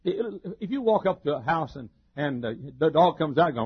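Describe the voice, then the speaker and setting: A male pastor preaches in a folksy, joking way, often chuckling and swinging from loud to soft. His voice sits high and moves in wide, lively leaps, with a husky edge. The recording is dull and lo-fi. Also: a little fast, hardly any pauses. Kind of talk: sermon.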